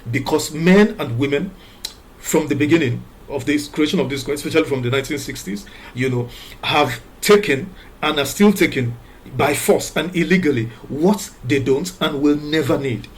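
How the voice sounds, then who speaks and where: Emphatic preaching man with rhetorical questions. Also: on the high side. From Nigeria. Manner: emphatic, repeats key words, asks rhetorical questions; reads scripture aloud in a measured way. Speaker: commentator. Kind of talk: preachy moral commentary monologue.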